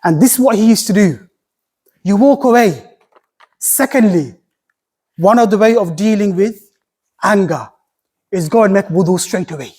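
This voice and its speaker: A man giving a Friday sermon, preaching with passion and repeating key phrases, sometimes reciting Arabic quickly. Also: high-pitched, lively intonation, darkish tone, husky. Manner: impassioned, repetitive preaching with rising emphasis.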